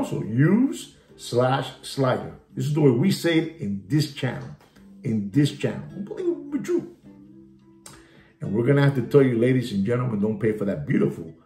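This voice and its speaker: A gravelly-voiced man delivers a theatrical, mocking watch market update, hammering the same catchphrases and slipping into Spanish asides. His pitch swoops widely as he rants. The room is echoey, with faint guitar music behind him. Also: big pitch swings, normal speed, warm tone.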